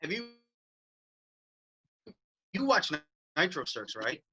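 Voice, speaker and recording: A man co-hosting a podcast in casual chat, rambling and excitable and swearing casually. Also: a little high, a little slow, slight background noise, poor audio. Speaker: podcast co-host. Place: studio.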